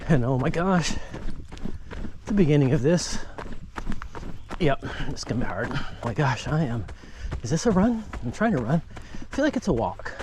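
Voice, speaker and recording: With a fairly high, sing-song voice at normal speed, this grieving dad films a candid walking-and-jogging vlog on a nature trail, holding his phone and encouraging himself. He speaks reflectively over background noise.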